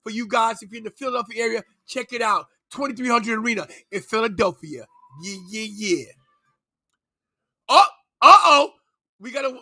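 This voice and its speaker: A man hosting a live wrestling podcast, loud and playful, bursting into shouts and goofy sing-song bits. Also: extremely high pitch, expressive, normal speed, dry recording, clean studio sound. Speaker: podcast host. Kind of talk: live watch-along chat.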